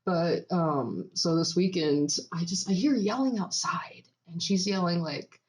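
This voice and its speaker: A woman's voice: lowish voice, unhurried. A young woman co-hosting a podcast, telling a story in casual chat with frequent laughs. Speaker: podcast co-host.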